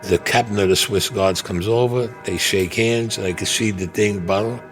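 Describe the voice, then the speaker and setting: A man's voice: fairly low pitch, steady tone, normal speed, faint music behind. A man, telling a story bluntly and profanely in an interview. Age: 70s. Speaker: interview guest.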